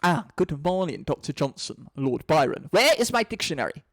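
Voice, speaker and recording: A man's voice: a little high, sing-song, moderate pace, fairly bright tone, no echo. A man reading a screenplay aloud, voicing a sardonic, scheming male butler with a dry, exasperated manner. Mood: sarcastic. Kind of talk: screenplay read-through.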